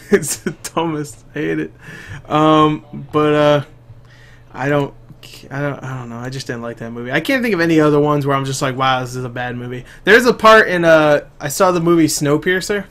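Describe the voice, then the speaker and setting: A man's voice: on the high side, normal speed, fairly bright tone. A young man hosting a casual gaming podcast, talking loosely with lots of swearing and laughter, often trailing off. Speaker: podcast host.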